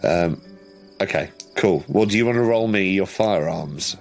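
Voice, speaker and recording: Deep-voiced male game master, casual and halting, over faint music. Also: gravelly. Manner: casual, hesitant, many restarts and fillers. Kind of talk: narrating a tabletop horror game.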